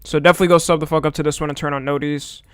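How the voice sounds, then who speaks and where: A man's voice: on the high side, little pitch movement, racing, a bit bright, clean tone, dry recording, clean studio sound. A young man streaming live, chatting casually and a little tired, swearing freely as he greets viewers by name.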